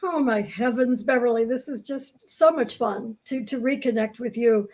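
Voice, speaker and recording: A woman's voice: on the high side, normal speed, a little mellow, rough recording. A woman on a panel, talking enthusiastically about her colleagues with restarts and asides. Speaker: panel speaker. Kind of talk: panel talk.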